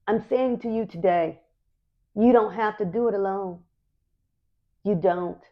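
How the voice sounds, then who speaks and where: A woman's voice: mid-range voice, measured pace, lo-fi sound. A middle-aged woman hosting a podcast, giving an earnest, encouraging faith talk and repeating her key phrases for emphasis. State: emotional, near tears. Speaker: podcast host.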